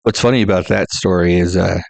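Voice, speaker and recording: A man co-hosting a movie podcast, relaxed and easygoing as he tells stories. His voice is deep with a rough, gravelly fry. The recording is dry and close. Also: a little fast, dry recording. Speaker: podcast co-host. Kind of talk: casual movie podcast chat.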